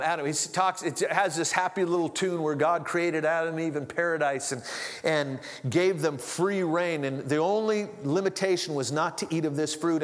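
A middle-aged man preaching a sermon in a loose, conversational way, with asides and restarts. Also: on the high side. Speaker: pastor. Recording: long hall reverb.

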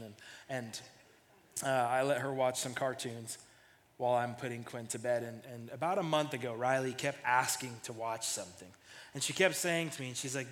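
A man's voice: mid-range voice, a bit bright, long reverb tail. A man in his thirties preaching a sermon in a casual storytelling way, often repeating the first words of a phrase. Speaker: pastor.

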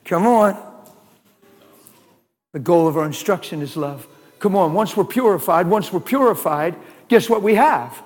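Brief: high-voiced, lively male preacher, big swings, church hall reverb. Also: measured pace, pauses often. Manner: animated, shouting exclamations, laughing asides. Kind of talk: sermon.

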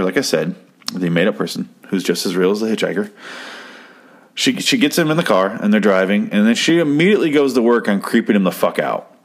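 A young man from Arizona talks through a story in a loose, rambling way, swearing freely and dropping deadpan jokes. His voice sits a little low and stays relaxed and conversational. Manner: rambling, profane, deadpan joking. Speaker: podcast host reviewing an episode. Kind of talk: casual chat.

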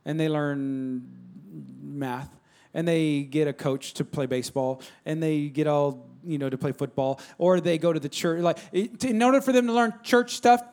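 Male pastor, slightly high voice, conversational and emphatic sermon delivery. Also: fairly even intonation, moderate pace, a little mellow. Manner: repetitive, emphatic, conversational, calls to the congregation.

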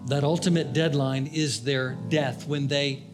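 A man preaching a sermon as a pastor, impassioned, swinging between raised appeals and hushed, low pleas. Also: fairly even intonation, a little slow, music in the background. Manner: impassioned preaching, rising and dropping to hushed tones.

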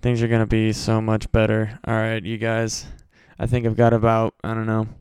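A man's voice: fairly low pitch, completely flat delivery, moderate pace, darkish tone, smooth, no echo. Tired, rambling man on a podcast mic. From Midwest US. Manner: rambling, profane, loose. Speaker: podcast host. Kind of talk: casual solo podcast chat. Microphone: home podcast mic.

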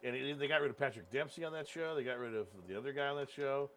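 A man's voice: medium pitch, fast, a bit bright, a little hiss or hum. A man co-hosting a podcast, talking in casual, blunt and irreverent banter. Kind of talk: casual chat.

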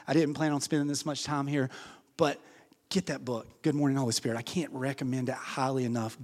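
A man's voice: medium pitch, big-room sound. A man preaching a sermon in a church. He speaks in an impassioned way and builds to fervent exhortation. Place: church sanctuary.

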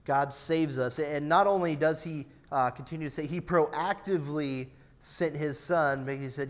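A man in his thirties preaching an earnest, personal sermon, his loudness rising and falling for emphasis. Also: on the high side, normal speed, few pauses. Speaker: pastor.

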